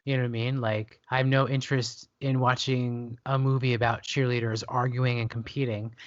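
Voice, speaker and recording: A man chatting about movies and shows on a podcast, rambling, animated and jokey. His voice sits at a middling pitch. It is recorded very dry and a bit dull. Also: normal speed, no room sound. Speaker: podcast co-host. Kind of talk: casual pop culture chat.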